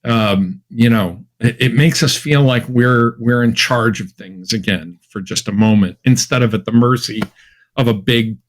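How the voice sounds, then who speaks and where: American guy from massachusetts, guest on a podcast, wry storyteller, middle pitch. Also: a little slow. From Massachusetts, USA. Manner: chatty, anecdotal, wry, with many fillers and restarts. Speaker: guest, academic author. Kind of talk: podcast interview conversation.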